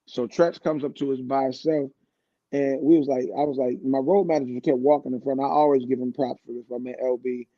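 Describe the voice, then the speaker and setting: A man's voice: medium pitch, steady tone, brisk, no room sound, dull audio. A man in his fifties, a guest singer on a radio show, telling a long, laid-back story with plenty of restarts. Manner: laid-back, rambling anecdotes with frequent restarts. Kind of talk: casual storytelling.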